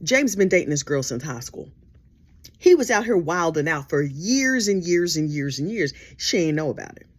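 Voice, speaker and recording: Sassy, animated woman telling gossip. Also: low-pitched, moderate pace. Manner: animated, sassy, dramatic asides. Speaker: storyteller. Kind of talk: casual storytelling.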